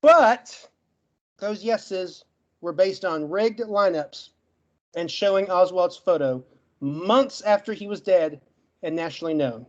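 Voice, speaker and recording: A man with a stutter giving a brisk, emphatic closing argument as a guest in an online debate, listing facts one after another. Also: high voice, lo-fi sound. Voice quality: stutters, gets stuck on words.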